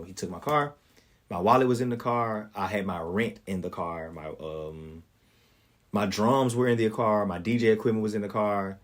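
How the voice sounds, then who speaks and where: A young man hosting his own podcast tells a personal story straight to his listeners. His voice sits a little low. He talks in an earnest, preacherly way and keeps calling them y'all. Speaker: podcast host. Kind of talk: storytelling monologue.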